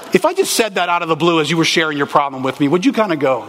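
A man preaching a sermon as a pastor, animated and conversational, asking the congregation rhetorical questions. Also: a little high, quick pace, hardly any pauses. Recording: echoey hall, long reverb.

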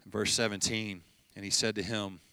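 A male pastor delivering a sermon with a bright, forward tone that cuts through clearly. He preaches in a chatty, storytelling manner, slipping into quoted dialogue, and his voice sits dry and close with little room around it. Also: on the low side, little pitch movement, moderate pace, no echo. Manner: conversational storytelling, acting out dialogue with light laughs.

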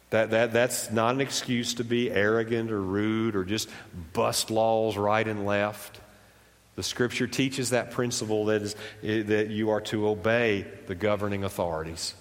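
An American man with a slight Southern drawl, a pastor preaching a sermon in a conversational, animated way that swings up and down. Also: lowish voice, a little slow. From United States. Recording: long reverb of a church hall.

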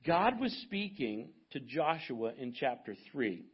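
A man in his fifties, a pastor preaching a sermon and telling a personal story with animated asides to the congregation. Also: mid-range voice, measured pace, slightly rough, muffled recording.

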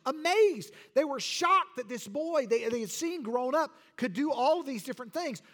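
A man's voice: very high-pitched, a bit bright. A man preaching a sermon to his church with emphatic, rhetorical delivery. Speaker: pastor.

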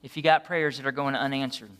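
A man preaching a sermon as a pastor, earnest and pleading, moving between quiet, soft passages and impassioned ones. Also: mid-range voice, fairly even intonation, quick pace, smooth.

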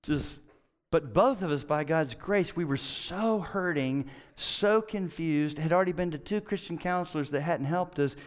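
A man's voice: a little high, moderate pace. A middle-aged male pastor preaching in a conversational, storytelling way with self-mocking humor. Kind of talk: sermon.

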